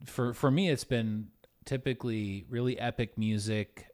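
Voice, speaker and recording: A man's voice: mid-range voice, fairly even intonation, moderate pace, darkish tone. A man co-hosting a podcast in casual chat, thoughtful and hesitant, often repeating words. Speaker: podcast co-host.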